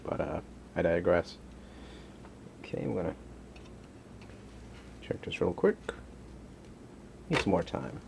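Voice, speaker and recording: A man's voice: sits low, sing-song, slow pace, creaky, long pauses, noisy background. A man hosting a casual home cooking vlog from his kitchen, rambling and joking as he cooks and chats to his dog.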